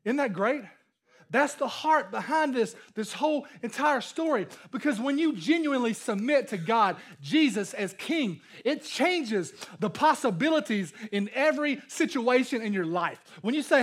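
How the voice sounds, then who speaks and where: A man's voice: very high-pitched, lively intonation, moderate pace, a bit bright. A man preaching a sermon as pastor, talking conversationally, repeating and restarting phrases and building up to emphatic points.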